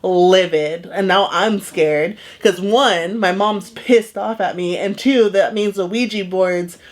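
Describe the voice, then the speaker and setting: A woman's voice: medium pitch, slow. A woman in her thirties, a podcast co-host telling stories in a casual chat, full of "like" fillers, recorded in a garage. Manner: chatty, heavy on "like" fillers.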